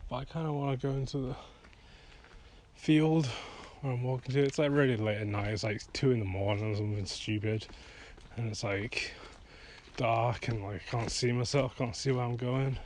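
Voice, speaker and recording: Brief: man, mid-pitched, rambles and swears freely in a night-walk vlog, faint hiss behind. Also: flat delivery, moderate pace, a little mellow. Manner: rambling and frank, swears freely, heated when ranting. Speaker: vlogger and songwriter. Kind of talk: casual rambling monologue. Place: outdoors at night, walking to a field.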